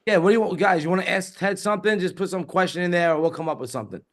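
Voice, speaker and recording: A man's voice: sits high, very fast, fairly bright tone. A man hosting a live stream, laid-back and joking, who laughs often in casual chat.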